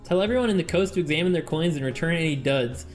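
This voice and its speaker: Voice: mid-range voice, lively intonation, quick pace, faint music behind, close to an everyday voice. A streamer putting on a vampire accent to voice a theatrical noble courtier in a game, in ornate, archaic speech.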